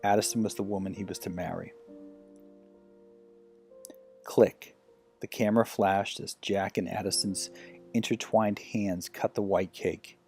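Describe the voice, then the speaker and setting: A man reading a romance short story aloud as an audiobook narrator, telling it in a gentle, unhurried way. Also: on the low side, steady tone, soft background music. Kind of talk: scripted narration.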